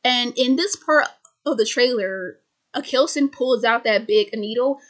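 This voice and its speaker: Recapping a movie for her video, a woman with a slightly high voice talks at a measured pace. Her stutter shows in repeated words and restarted sentences as she explains the plot casually, full of "like".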